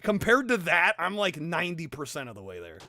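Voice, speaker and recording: Animated high-voiced male streamer. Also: brisk, vocal fry. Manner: animated, argumentative, laughs often; swears casually. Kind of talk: casual live-stream chat with viewers. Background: background music.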